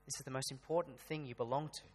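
A man's voice: medium pitch, fairly even intonation, fast. Male pastor, casual preaching style with emphatic peaks, church-hall reverb. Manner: conversational preaching with rising emphatic bursts. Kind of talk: sermon.

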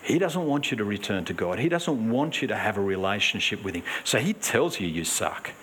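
A man delivering a sermon with earnest, emphatic urgency. His voice sits a touch higher than most men's, and he swings between raised, pressing lines and low, hushed ones. Faint background noise hangs under the recording. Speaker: preacher.

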